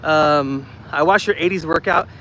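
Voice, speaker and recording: Chatty high-voiced man streaming outdoors. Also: normal speed, fairly bright tone, slight background noise, poor audio. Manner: chatty, reads chat comments aloud. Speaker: livestream host. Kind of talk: casual walking livestream chat. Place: city park outdoors. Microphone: phone held while walking.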